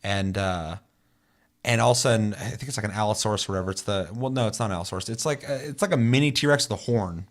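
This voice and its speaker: Quick-paced and fairly low-voiced, this young gaming podcast co-host rambles through lengthy anecdotes. His casual banter is full of profanity.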